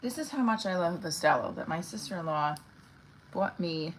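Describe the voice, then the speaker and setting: A woman's voice: lowish voice, expressive, moderate pace, a little hiss or hum, low-quality recording. A woman who is an actress chatting casually on her live stream, rambling and candid, with lots of fillers and casual swearing.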